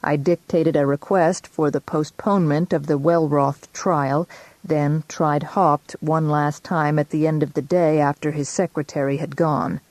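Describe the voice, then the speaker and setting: Low-voiced woman narrating an audiobook. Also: no room sound. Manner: steady, measured storytelling. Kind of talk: scripted first-person audiobook narration.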